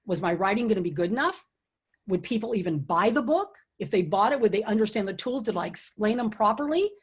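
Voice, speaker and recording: A middle-aged woman with a slightly husky voice hosts a launch party over a computer mic. She speaks earnestly and encouragingly, offering leadership advice and telling stories from her own career. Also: medium pitch, lively intonation, fairly quick. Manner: earnest and encouraging, drops to a hushed tone when retelling quiet moments. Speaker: author and host of a book launch. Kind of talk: online event talk with storytelling. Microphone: computer or webcam mic for an online event.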